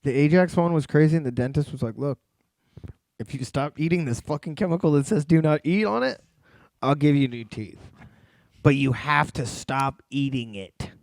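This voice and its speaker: A man co-hosting a casual podcast in a laid-back, slangy way, often chiming in. His voice has a gravelly fry, its pitch moves around a lot, and the sound is dry and close. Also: animated, normal speed, no echo. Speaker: podcast co-host. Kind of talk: casual chat.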